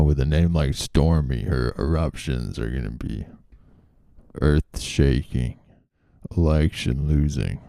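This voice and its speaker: Deep, slow, gravelly comedy host with a sardonic, deadpan delivery. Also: male voice, no echo, clean studio sound. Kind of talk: comedic current-events monologue.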